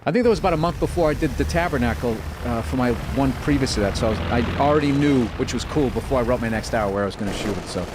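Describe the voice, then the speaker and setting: A man's voice: mid-range voice, fast talker, few pauses. Rambling comedian man over a noisy background. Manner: rambling, loose, full of fillers. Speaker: comedian guest. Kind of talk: casual interview chat.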